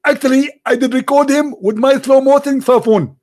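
A man's voice: very high voice, steady tone, moderate pace, darkish tone, pitched above the performer's own voice. A man putting on the voice of a pompous, overconfident preacher who declares every answer certain. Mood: declaiming.

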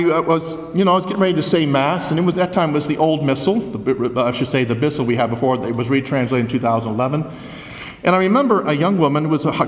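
Priest preaching in an echoey church. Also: male voice, on the high side. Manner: forceful preaching with rhetorical questions. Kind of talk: homily. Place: large church.

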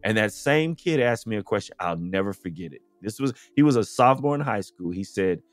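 A man's voice: lowish voice, expressive, brisk, few pauses, no echo, soft background music. A man from the United States, a podcast guest, speaking in a casual, earnest conversational way and often saying "you know".

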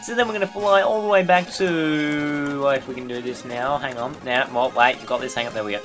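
A man's voice: medium pitch, steady tone, fairly quick, fairly bright tone, faint music behind. Goofy man commentating a video game. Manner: goofy, joking, rambling. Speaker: let's play host. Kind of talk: casual gameplay commentary.

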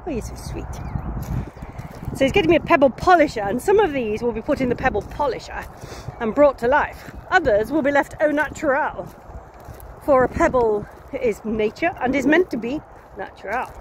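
A woman in her fifties with a Nottingham English accent, rambling playfully to her phone as she walks a country lane. Her voice sits high, with a sniffly edge. Faint outdoor noise hums behind her. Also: lively intonation, a little fast. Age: 50s. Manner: chatty, whimsical, playful with made-up words. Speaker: vlogger. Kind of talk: casual rambling chat to camera.

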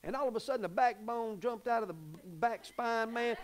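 A pastor preaching a folksy, animated sermon that acts out little scenes. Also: male voice, very high-pitched, brisk, hardly any pauses.

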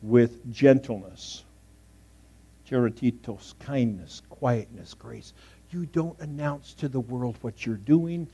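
Storytelling pastor with dramatic hushed asides. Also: male voice, medium pitch, slow pace, breathy edge. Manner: storytelling, swings from loud emphasis to hushed asides. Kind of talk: sermon. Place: church sanctuary.

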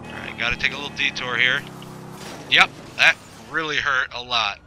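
A man's voice: medium pitch, fairly even intonation, normal speed, noisy background. A man giving rambling, sarcastic gameplay commentary, swearing often and talking to himself as he plays. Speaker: gameplay video host.

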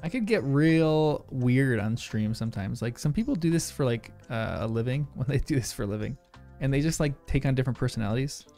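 A man's voice: mid-range voice, expressive, brisk, a little mellow, faint music behind. A man chatting casually on a livestream while solving a crossword, rambling, laughing often and talking to his chat.

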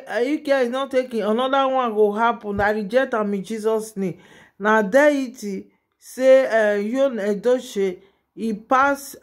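Nigerian pidgin lady doing gossip vlog, fairly high voice, loud exclamations, talks right at her viewers. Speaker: gossip vlogger. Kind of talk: casual gossip commentary.

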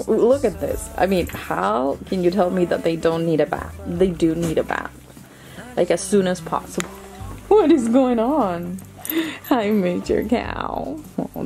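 A woman's voice: on the low side, gravelly, mellow, rough recording. A woman homesteader, middle-aged, in a goat pen, talking to her baby goats in cooing, affectionate baby talk. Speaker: homesteader vlogger.

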